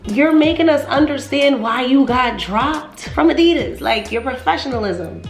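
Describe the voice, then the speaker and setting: A woman's voice: sits high, animated, normal speed, few pauses, roomy sound, faint music behind. A woman hosting celebrity gossip commentary in a sassy, incredulous, casual way, cursing freely and laughing often.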